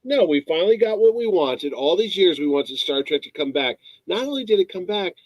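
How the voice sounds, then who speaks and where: A man's voice: high voice, animated, brisk, no echo, low-quality recording. A man co-hosting a podcast in casual, teasing chat. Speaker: podcast co-host.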